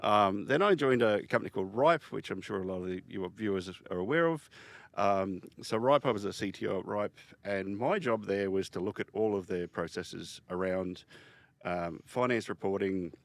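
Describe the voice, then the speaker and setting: Low-voiced man, emphatic guest storyteller. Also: moderate pace, gravelly, no echo. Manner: animated, emphatic storytelling with many restarts. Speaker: podcast guest, software founder. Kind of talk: casual interview talk.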